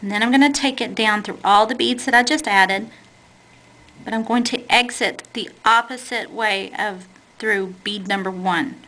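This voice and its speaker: A medium-pitched woman talks at normal speed with a sharp tone, patiently explaining a beading method step by step in plain language. She corrects herself along the way as she works by hand. The recording is low quality.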